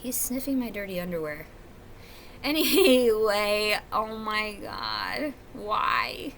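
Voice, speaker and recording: A woman's voice: medium pitch, huge pitch swings, slow pace, creaky, pushed and bright, slight background noise. Woman in a rambling, profane home monologue. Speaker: vlogger. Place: at home, indoors.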